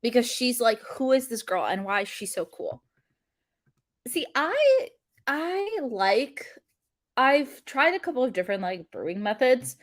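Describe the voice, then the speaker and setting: A woman's voice: on the high side, no echo, clean studio sound. Chatty young woman hosting a coding stream. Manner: chatty, filler-heavy, laughs often. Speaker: livestream coding host. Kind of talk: casual livestream chat while coding.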